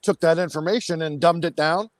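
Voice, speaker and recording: A man's voice: fairly high pitch, fairly quick, no echo. A man guesting on a casual livestream, agitated and ranting angrily with constant swearing. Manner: angry, profane ranting.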